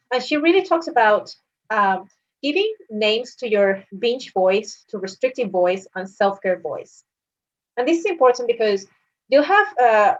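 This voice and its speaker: A woman's voice: mid-range voice, dull audio. A woman dietitian giving a presentation, explaining in an earnest, coaching way. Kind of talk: recorded presentation.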